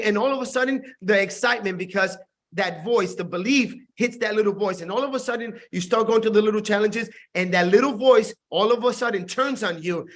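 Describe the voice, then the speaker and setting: A man's voice: high voice, animated, moderate pace, fairly bright tone. A man leading a network marketing team, giving an intense, repetitive motivational talk on a video call.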